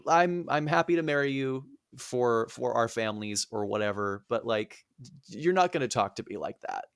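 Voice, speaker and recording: Blunt young princess, deadpan and matter-of-fact; man reading in near-normal voice. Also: mid-range voice, moderate pace, gravelly, clear, resonant tone, no room sound, studio quality. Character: young woman of royal blood, blunt and sharp-tongued.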